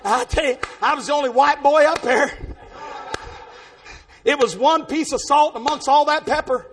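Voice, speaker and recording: A man preaching, telling folksy stories with exuberant shouting bursts and a husky voice. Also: extremely high pitch, normal speed, a faint crowd, slight background noise. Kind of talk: storytelling sermon testimony.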